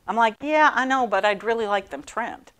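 A middle-aged woman and cancer survivor telling her own story in a class talk, animated and self-deprecating, laughing often. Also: on the high side, moderate pace.

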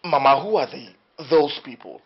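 A man's voice: medium pitch, moderate pace, distant mic, slight background noise, lightly acted. A man playing a worried Nigerian son. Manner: gentle, coaxing, repeats himself. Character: worried adult son, soothing his mother. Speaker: actor. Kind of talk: film acting. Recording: echoey and dull with loud music.

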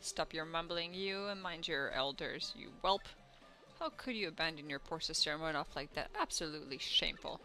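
A woman's voice: low voice, lively intonation, fairly quick, bright, forceful tone, soft background music. A woman voicing a cranky, bossy old female elder of a tiny bug-like tribe in a video game. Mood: scolding. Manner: scolding, bossy.

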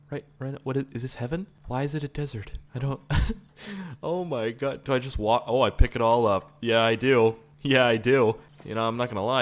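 A man giving casual gameplay commentary, excitable, swearing often and laughing at surprises. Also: medium pitch. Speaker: gaming channel host.

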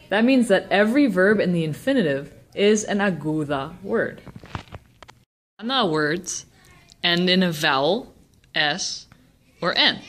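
A woman explaining a language lesson, slowing down to pronounce example words with care. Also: lowish voice, a bit bright, a little hiss or hum. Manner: slow, deliberate pronunciation of example words. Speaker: Spanish teacher.

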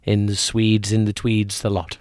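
A man co-hosting a podcast, telling a long joke in a lively, repetitive way. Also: lowish voice, normal speed, no echo, studio quality. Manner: animated storyteller, repeats himself, acts out voices. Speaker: podcast co-host.

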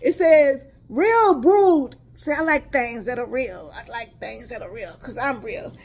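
Southern woman, high voice, chatty haul vlogger, talks straight to her viewers and wanders off on side stories. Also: unhurried, a little mellow. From Texas. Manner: chatty, addresses viewers as y'all, drifts into asides. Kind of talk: casual chat to viewers.

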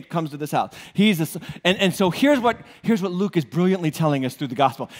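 Man, pastor, New England accent, high-pitched, animated sermon, rhetorical questions, long reverb. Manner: animated, joking asides, rhetorical questions to congregation. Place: church auditorium.

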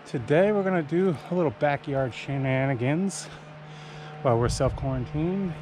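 A man's voice: on the high side, moderate pace, background noise. A man casually vlogging outdoors in a backyard, talking in a laid-back, rambling way. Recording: clear music under the voice.

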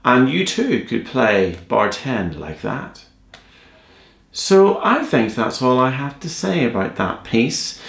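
Gravelly-voiced man teaching cello. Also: medium pitch, sing-song, slow pace, reverberant. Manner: playful, joking, encouraging. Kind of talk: music tutorial.

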